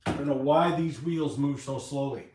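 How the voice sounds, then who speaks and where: A man's voice: medium pitch, normal speed, darkish tone, slight background noise. Profane, rambling man in an echoey shop. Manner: rambling, profane, venting frustration. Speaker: webcam channel host. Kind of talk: casual live-stream talk while working. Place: private workshop, indoors. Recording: echoey room, mic far off.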